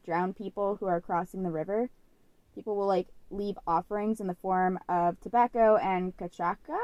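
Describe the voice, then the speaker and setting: With a medium, somewhat dark voice and no echo on the recording, this young podcast co-host chats casually through a story, peppering it with "like."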